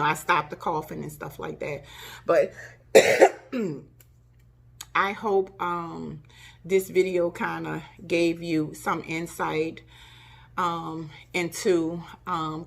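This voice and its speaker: A middle-aged woman hosting her own channel, chatting emphatically and directly to her viewers in a casual vlog. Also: fairly low pitch. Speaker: home decorating channel host.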